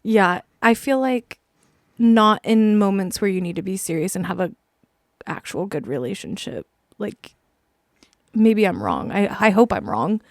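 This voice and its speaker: A woman's voice: medium pitch, sing-song, a little slow, no echo, studio quality. A young woman hosting a podcast, chatting casually and laughing easily. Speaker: podcast host. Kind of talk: casual chat.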